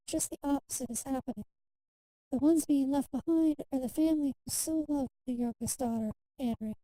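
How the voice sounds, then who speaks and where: Woman reading a story in a mellow voice. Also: sits high, moderate pace, dry recording, rough recording. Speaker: streamer. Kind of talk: reading a game story aloud.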